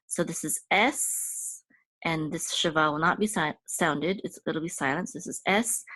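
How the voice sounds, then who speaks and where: A woman with a notably low voice teaches a casual reading lesson, going slowly and repeating each syllable. She talks with frequent fillers and corrects herself as she goes. The recording is dry, with no room sound. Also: a bit bright, no room sound. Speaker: Hebrew teacher.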